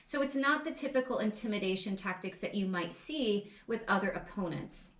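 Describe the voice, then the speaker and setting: A woman podcast co-host at a middle pitch. She explains a topic in a loose, rambling way and leans on fillers. Her voice echoes around the room. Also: animated, normal speed, fairly bright tone. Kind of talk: casual chat.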